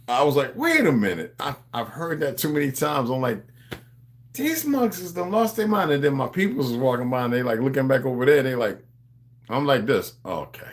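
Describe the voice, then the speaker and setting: A man's voice: medium pitch, expressive, normal speed. A man rambles through a casual livestream monologue with an ordinary mid-range voice. He preaches to his audience in street slang and keeps calling them beloved. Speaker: livestream host.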